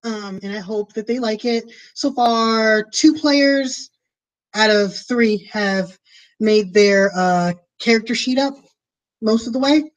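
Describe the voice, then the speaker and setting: A woman's voice: a little high, slow, rough recording. A woman streaming from her home, chatting casually and rambling with lots of fillers as she plans a tabletop game. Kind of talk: casual chat to viewers.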